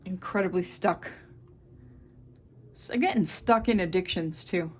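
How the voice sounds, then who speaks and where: A woman's voice: on the low side, a little slow, husky. A woman in her thirties giving a casual, rambling tarot reading to camera, thinking aloud with many fillers. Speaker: tarot reader.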